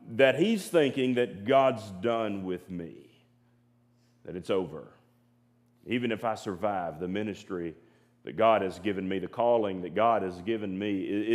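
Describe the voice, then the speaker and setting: Earnest preacher man, mid pitch. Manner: earnest, repeats words, drops to quiet emphasis. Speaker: pastor. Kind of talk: sermon. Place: church sanctuary.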